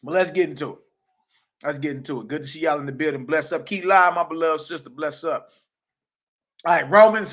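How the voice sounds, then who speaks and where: A man leads an informal religious history lesson. He talks in an emphatic, streetwise way and repeats his points. His voice is bright and slightly high. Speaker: teacher.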